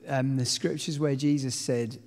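A man, a pastor, talking through scripture in a measured, reflective way. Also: mid-range voice, fairly even intonation, darkish tone, long reverb tail. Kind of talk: conversational Bible teaching.

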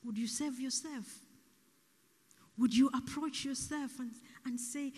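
A soft-spoken woman preaching a sermon, speaking slowly and deliberately and sometimes dropping almost to a whisper, in an echoey church hall. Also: high voice, breathy edge.

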